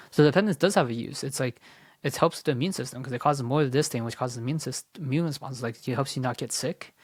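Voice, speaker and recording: A young man tutoring test prep, working through a timed practice test out loud in a casual, rambling way, with lots of "like" and self-corrections, sometimes muttering as he reads. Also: mid-range voice, no echo. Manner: mutters while reading questions under his breath.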